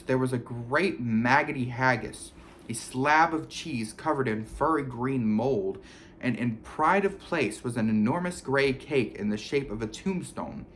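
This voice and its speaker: Man reading aloud, lively varied pitch, expressive, faint hiss behind. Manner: expressive storytelling. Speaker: reader. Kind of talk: audiobook reading.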